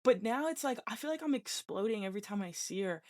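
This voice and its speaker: A woman's voice: medium pitch, animated, quick pace. Bubbly rambling young woman podcaster. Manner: bubbly and rambling, many fillers and restarts. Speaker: podcast host. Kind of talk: casual personal chat.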